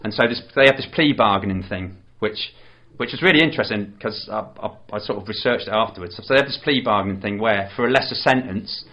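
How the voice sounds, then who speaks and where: A man's voice: lowish voice, quick pace, few pauses, lo-fi sound. A man, co-hosting a podcast and retelling a film plot in a rambling, casual way with lots of restarts. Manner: rambling, with many restarts and fillers. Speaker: podcast co-host.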